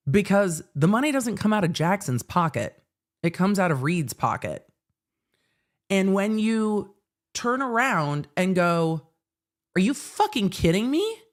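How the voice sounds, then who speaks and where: A woman hosting live commentary on a court hearing, talking in a blunt, sardonic way and swearing freely. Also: lowish voice. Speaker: legal commentary host.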